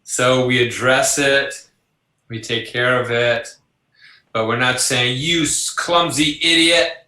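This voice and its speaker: An older man, a psychologist, talking through an interview in an animated way and acting out voices in his stories. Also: mid-range voice, slow, roomy sound, low-quality recording. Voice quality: animated, acts out voices in anecdotes. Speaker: psychologist guest. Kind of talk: conversational interview.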